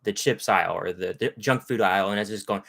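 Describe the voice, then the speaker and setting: A man's voice: lowish voice, quick pace, gravelly, a bit bright. A man hosting a casual livestream, chatting with viewers in a rambling way and greeting them by name. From Texas. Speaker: livestream host. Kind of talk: casual live chat with viewers.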